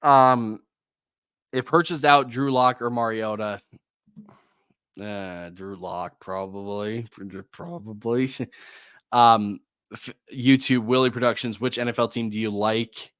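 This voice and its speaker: A man's voice: medium pitch, a bit bright, clear, resonant tone, no room sound. Dry-voiced man rattling off picks. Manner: rapid answers, reads viewer names and questions; distracted, sighs often. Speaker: fantasy football podcast host. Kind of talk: live start/sit Q&A.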